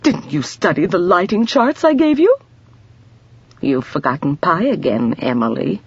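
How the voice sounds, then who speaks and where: A woman's voice: lowish voice, big pitch swings, unhurried, gravelly, husky, lo-fi sound, exaggerated voice. A woman voicing a prim, stern older spinster neighbor who is easily shocked.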